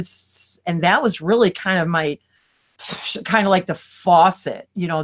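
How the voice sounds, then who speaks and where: A woman co-hosting a live spiritual stream, talking casually over a video call, rambling and cutting herself off with quick laughs. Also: on the low side.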